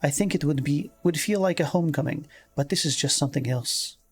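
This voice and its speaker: A woman's voice: sits low, fairly quick, a little hiss or hum, close to an everyday voice. A man voicing a prim middle-aged Scottish woman reading a formal announcement, with an airy lilt. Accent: put-on Scottish.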